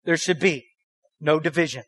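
Male pastor, high voice, dry close sound, emphatic sermon delivery with rhetorical questions and call-and-response. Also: normal speed, a bit bright, husky, dry recording. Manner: emphatic, rhetorical questions, leads the congregation in repeating lines.

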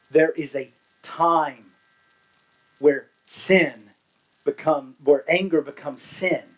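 A pastor preaches with a fairly high voice, swinging between hushed lines and loud ones and putting questions to the congregation. The audio is dull.

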